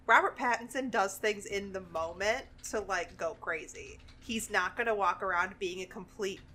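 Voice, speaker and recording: A young woman co-hosting a casual chat, blunt and excitable, swearing freely. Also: mid-range voice, moderate pace, slight background noise. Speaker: podcast co-host.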